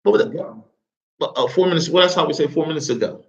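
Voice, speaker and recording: A man's voice: a little high, animated, fast. Casual male Arabic teacher, lo-fi. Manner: casual, repeats phrases, asks the class questions. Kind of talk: live classroom lesson. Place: classroom.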